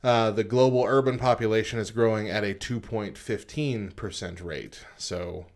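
A man co-hosting a casual podcast, reading statistics from a list with frequent pauses and adding informal comments. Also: lowish voice, steady tone, a little mellow. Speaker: podcast co-host.

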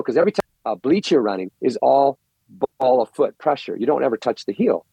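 A middle-aged man, a coaching guest on a podcast, telling stories in an excitable, rambling way and often repeating words. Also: mid-range voice, fairly quick, gravelly, slightly rough, dry recording. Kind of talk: animated storytelling interview. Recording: dull, lo-fi, dry recording.

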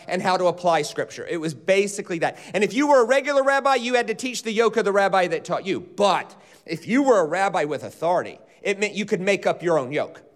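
Male pastor, high voice, lively teaching sermon that rouses the congregation. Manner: animated teaching, leads congregation in call-and-response. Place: church auditorium.

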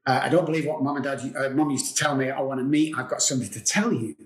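A fast-talking man with a medium-pitched voice appears as a guest and addiction recovery expert, recorded with a roomy echo. He tells his own recovery story earnestly and confessionally, repeating phrases for emphasis in an emotional telling.

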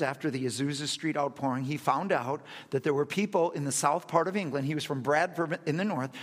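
Man, preacher, sermon storytelling, animated delivery, slightly high voice, long hall reverb. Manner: animated, acts out quotes, laughs at himself.

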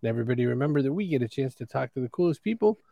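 A man's voice: mid-range voice, expressive, rapid-fire, gravelly, dark tone, no echo, clean studio sound. A man hosting a casual interview show, asking questions and reading sponsor ads in a chatty, playful way. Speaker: show host.

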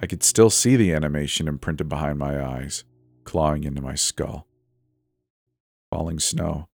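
A man reading a first-person horror story in a measured, suspenseful way. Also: a bass voice, vocal fry, darkish tone, no room sound, soft background music.

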